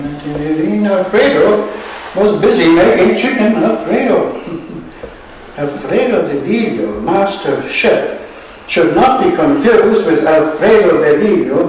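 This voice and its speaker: A man's voice: a little high, darkish tone, far from the mic, a little hiss or hum. Wry Irish man in an echoey hall. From Ireland. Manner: wry and sardonic, chuckling at his own jokes. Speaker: poet. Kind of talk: poetry reading at a book launch. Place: museum hall at a live event. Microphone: room recording from a distance.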